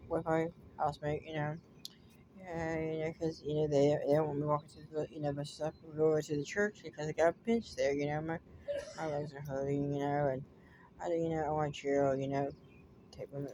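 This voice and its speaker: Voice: mid-range voice, a little mellow. A dog owner telling a personal story in a casual, rambling way, full of restarts and constant "you know" fillers. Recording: clear background noise and ambience.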